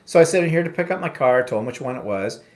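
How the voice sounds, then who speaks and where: A man's voice: medium pitch, animated, quick pace. A man co-hosting a casual talk show, telling an anecdote with sarcasm and bits of mimicked voices. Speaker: podcast co-host. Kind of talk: casual storytelling.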